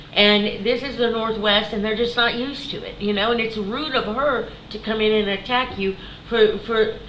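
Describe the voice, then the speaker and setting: Blunt, animated woman in an echoey room. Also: medium pitch. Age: middle-aged. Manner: blunt, animated, swears freely. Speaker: psychic speaker. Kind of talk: casual storytelling monologue. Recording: echoey room, faint background noise.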